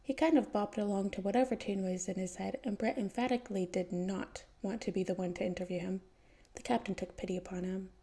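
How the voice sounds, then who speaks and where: Gravelly, mellow woman reading fanfiction. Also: mid-range voice, steady tone, brisk. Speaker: podfic reader.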